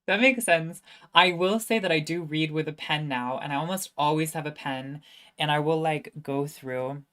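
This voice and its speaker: A woman's voice: sits low, normal speed, a bit bright. A young woman, a student, chatting casually on a livestream and answering viewer questions, self-mocking and laughing often.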